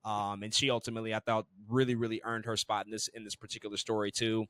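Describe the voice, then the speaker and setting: A man co-hosting a casual movie review podcast, talking in an animated way, swearing freely and repeating words as he restarts sentences. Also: on the low side, fast talker, clean tone, dry recording. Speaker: podcast co-host.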